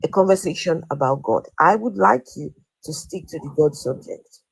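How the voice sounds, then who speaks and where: A woman's voice: deep voice, expressive, normal speed, creaky, husky, rough recording. A woman hosting a live audio-room debate, firm and blunt, who presses the same question again and again. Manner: firm and blunt, repeats her questions insistently. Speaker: host of an online audio discussion room.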